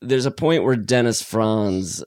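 A man with a lowish voice co-hosts a podcast in easygoing chat. He gets animated and laughs a lot as he talks. His voice is recorded close and dry, with no room sound. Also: slow, no echo. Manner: animated, laughing, acting out lines in put-on voices. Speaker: podcast co-host. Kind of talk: casual chat.

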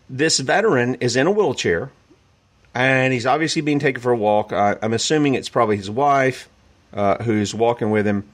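An indignant man hosts a political radio talk show in a ranting, emphatic way. His voice sits at an ordinary middle pitch, neither high nor low. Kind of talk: political commentary.

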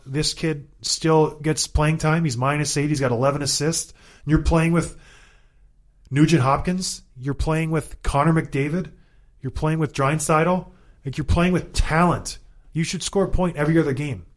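A man in his thirties with a slightly higher voice than most men, co-hosting a sports talk show. He rants with animated exasperation and hammers his points home by repeating them. He talks like a former player in casual banter. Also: normal speed. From Canada. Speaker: co-host, former hockey player.

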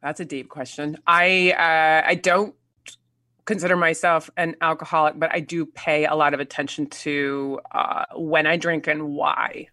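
Woman, 40s, animated storyteller, bright voice, dry recording. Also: low voice, no echo. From United States. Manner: animated storyteller, halting restarts and frequent laughs. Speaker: actor guest. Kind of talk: casual conversation.

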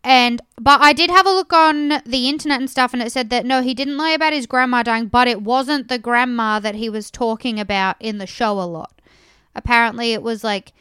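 A young woman co-hosts a casual recap chat, frank and quick to show irritation. Her voice is very smooth and crisp, bright and a little high. It is recorded close and dry. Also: dry recording. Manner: frank, openly irritated, swears. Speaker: podcast co-host.

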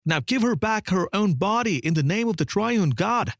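A man's voice: high voice, animated, normal speed, vocal fry, no room sound, clean studio sound, voice pushed up. A man voicing a frantic male priest who commands a demon in an urgent, raised voice. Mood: commanding.

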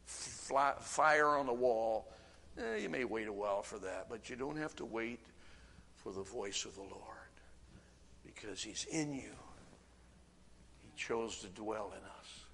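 A man preaching a sermon, swinging from shouting to hushed, near-whispered urging. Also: medium pitch, animated, unhurried, gravelly. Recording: reverberant hall, faint room noise.

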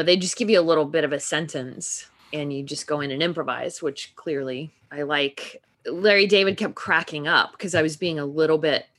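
A woman from Texas, an actress and improviser, telling stories in a casual interview and laughing often. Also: deep voice. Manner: animated storytelling, laughs often.

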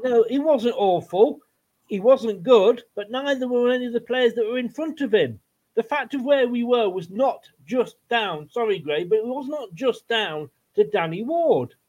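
Male podcast co-host, high voice, blunt and sweary, muffled recording. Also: animated, moderate pace, a little mellow. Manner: blunt, swears, rambling with fillers. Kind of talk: casual football chat. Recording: dull lo-fi sound.

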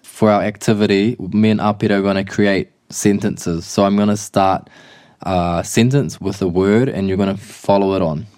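A man's voice: fairly low pitch, steady tone, normal speed, darkish tone, no echo, clean studio sound. A man with a New Zealand accent teaching te reo Māori grammar in a casual lesson, explaining patiently with repeated examples.

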